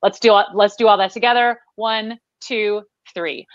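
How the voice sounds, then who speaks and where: A woman's voice: mid-range voice, fairly even intonation, normal speed, dry recording, muffled recording. A woman from the American Midwest with a Midwestern accent, coaching listeners through breathing and name exercises in an upbeat, instructive way. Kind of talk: guided vocal exercise.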